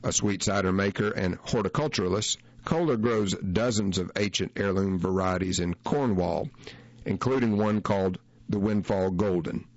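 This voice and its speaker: A man reading a first-person feature story aloud in a measured, unhurried way. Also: low-pitched, lo-fi sound. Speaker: narrator.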